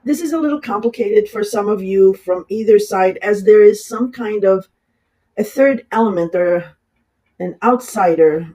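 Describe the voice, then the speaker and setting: Astrologer, raspy from a cold, casual and rambling, apologetic, plenty of fillers. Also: medium pitch, a little mellow, poor audio. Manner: rambling, with many fillers and restarts. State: has a cold. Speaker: astrologer giving horoscopes. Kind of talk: casual horoscope reading.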